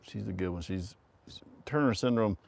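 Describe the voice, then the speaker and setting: A middle-aged man hosting a casual livestream tells a rambling story, laughing a lot and swearing casually. His voice is lowish and gravelly, at a moderate pace.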